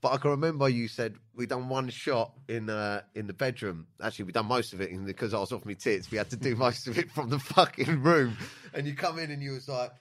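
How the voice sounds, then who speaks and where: A man's voice: mid-range voice, fairly quick, hardly any pauses. A young man hosting a podcast, telling a rambling, sweary story with frequent laughter. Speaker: podcast host. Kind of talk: casual chat.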